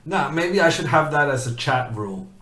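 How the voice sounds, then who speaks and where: A man's voice: a little high, animated, normal speed, sharp tone, echoey room. A man streaming chess, chatting in a rambling way and reading viewers' questions aloud. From Norway. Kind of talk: casual commentary while playing chess.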